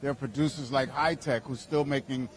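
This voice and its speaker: A man from Cincinnati, Ohio, a music producer, being interviewed outdoors at an event and speaking in an animated, emphatic way. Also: mid-range voice, a little fast. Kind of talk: casual interview.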